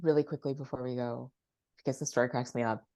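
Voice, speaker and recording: A woman's voice: extremely low pitch, fairly even intonation, fast, dark tone. A woman co-hosting a podcast, telling wry stories in casual chat. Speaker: podcast co-host.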